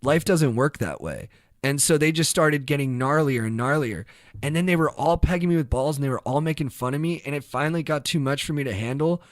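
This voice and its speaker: Mężczyzna opowiadający anegdotę, bardzo suchy dźwięk. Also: male voice, on the high side, brisk, no room sound, clean studio sound. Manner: animated, bursts into shouted reenactments. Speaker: podcast co-host. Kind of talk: casual storytelling.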